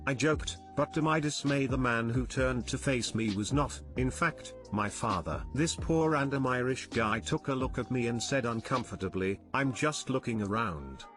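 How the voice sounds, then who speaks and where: A man giving a scripted narration of online posts, in an even, steady read-aloud delivery. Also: medium pitch, normal speed, hardly any pauses. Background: faint music.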